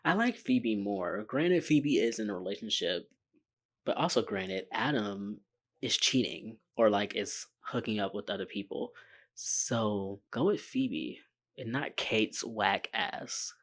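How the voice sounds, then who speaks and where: A man's voice: on the low side, takes it slowly, a bit bright. A man giving casual reaction commentary on a TV show, chatty, blunt and joking. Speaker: reaction video host.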